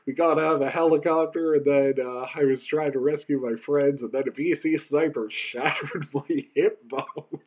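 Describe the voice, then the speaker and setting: A man's voice: fairly high pitch, fairly even intonation, moderate pace, few pauses, muffled recording, noisy background, voice pushed up, natural voice. A man putting on the voice of an earnest comic-book war veteran hero, in an overblown reading.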